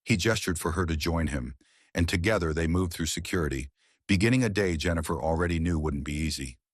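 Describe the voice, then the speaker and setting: Brief: low-voiced male narrator, husky, measured delivery, dry close mic. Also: dry recording. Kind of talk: scripted audiobook narration.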